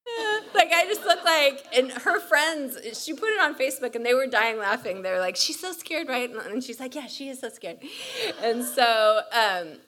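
A young woman from California giving a chatty, storytelling sermon at a women's retreat, full of "like" and quick asides. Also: a little high. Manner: chatty, animated, lots of "like". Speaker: retreat speaker.

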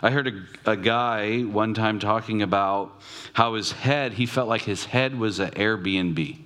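A man preaching a sermon, reflective, asking questions aloud and slowing down to stress key words. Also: on the low side, a bit bright. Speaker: pastor.

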